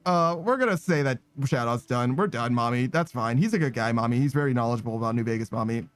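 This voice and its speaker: A male streamer chatting casually on a live stream, rambling through shout-outs and often laughing and swearing. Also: a little high, animated, fast talker. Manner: keeps tacking a running joke word onto sentences, laughs and swears often.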